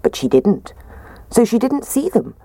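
A woman gently reading a children's story aloud, with an expressive manner. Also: mid-range voice, measured pace, creaky, no room sound.

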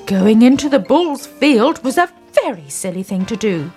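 A man's voice: high voice, very animated, moderate pace, darkish tone, faint music behind. A woman doing a stern, lecturing farmer. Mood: scolding. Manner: scolding, lecturing. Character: stern but kindly old farmer.

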